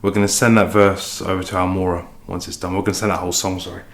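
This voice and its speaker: A man's voice: deep voice, little pitch movement, quick pace, slight background noise. Sweary man in an echoey kitchen. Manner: chatty, sweary, self-deprecating. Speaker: musician vlogger. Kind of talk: casual rambling vlog. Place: home kitchen, cooking. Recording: echoey kitchen with faint clatter.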